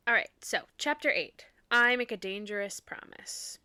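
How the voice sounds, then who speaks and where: A woman co-hosting a casual book podcast, recapping the chapters in an animated, chatty way and laughing often. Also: mid-range voice, moderate pace, clean tone, dry recording. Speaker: podcast co-host. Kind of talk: casual book-discussion chat.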